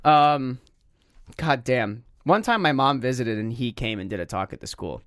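Young male podcast host, animated pitch, dry close sound, laughs and swears a lot. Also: moderate pace, dry recording. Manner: loose, laughing, swears often. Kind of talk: casual chat.

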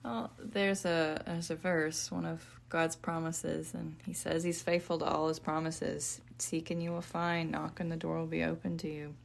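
A woman author and podcast guest, talking in a soft-spoken, reflective way. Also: sits low, flat delivery, normal speed, vocal fry, few pauses. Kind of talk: faith podcast conversation.

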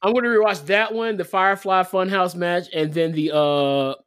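High-voiced young man in casual chat. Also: steady tone, moderate pace, a bit bright, clear, resonant tone, no echo, clean studio sound. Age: young adult. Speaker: podcast co-host.

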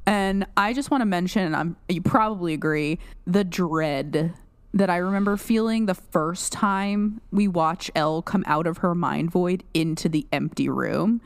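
A woman's voice: on the low side, unhurried, no room sound. A young adult woman co-hosting a casual podcast, picking apart a show in rambling, analytical talk full of restarts and "like". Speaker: podcast co-host.

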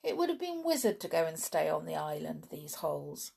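A woman voicing a gentle, sensible young girl who speaks in a coaxing, reasonable way. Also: deep voice, very animated, fairly quick, vocal fry, slightly rough, full character voice. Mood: sympathetic.

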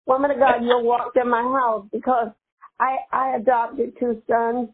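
Husky woman caller on a phone line. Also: fairly high pitch, little pitch movement, measured pace. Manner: responsive, murmured affirmations. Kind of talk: prayer line call. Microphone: phone call.

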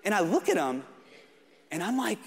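A man doing stand-up, telling a self-mocking story in an animated way with acted-out quotes. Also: sits high, normal speed. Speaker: stand-up comedian. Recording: live stage mic with audience noise. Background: audience crowd noise.

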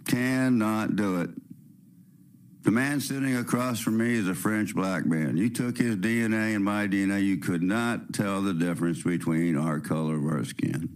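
Sniffling with a cold, a raspy-voiced man hosts a spiritual radio show at a moderate pace and a lowish pitch. He wanders preachily through his points, asking rhetorical questions and repeatedly restarting sentences.

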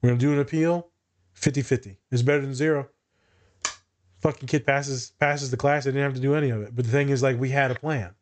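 A man's voice: mid-range voice, fairly even intonation, quick pace, a little hiss or hum. Guy therapist on a podcast, swears a lot, blunt, just telling stories. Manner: blunt and profane, tells client stories. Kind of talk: casual podcast chat.

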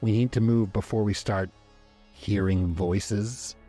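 A man voicing a wry, grumbling woman bandit in a storybook reading, low and husky. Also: fairly even intonation, takes it slowly, warm tone, soft background music. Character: wary, sardonic woman bandit leader.

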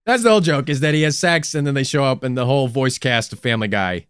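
A man's voice: medium pitch, quick pace, clear, resonant tone, no echo, clean studio sound. A man co-hosting a podcast in casual, crude, joking chat, and laughing often. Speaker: podcast co-host.

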